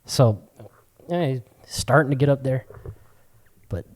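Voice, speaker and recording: A young man co-hosting a podcast, telling stories in casual chat with a lot of swearing and sudden high-pitched quoted voices. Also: a little slow, darkish tone. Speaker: podcast co-host.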